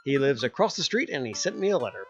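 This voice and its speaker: A man voicing a bubbly teenage girl daughter in a high, chirpy voice. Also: quick pace, highs cut off, soft background music. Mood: excited. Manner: chirpy, excitable.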